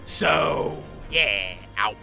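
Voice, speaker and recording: A playful male game streamer rambles on, greeting his chat as he plays. His voice sits high and swoops up and down with a lively, animated range. The tone is bright and a little sharp. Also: drawn-out words, creaky, faint music behind. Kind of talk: casual live-stream chatter.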